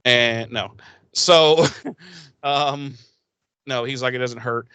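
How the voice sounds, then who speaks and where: A man co-hosting a podcast, casually recapping a TV episode with lots of swearing and lively acted-out quotes. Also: medium pitch, slow pace, clear, resonant tone, dry recording. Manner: profane, animated, acts out quoted lines. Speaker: podcast co-host.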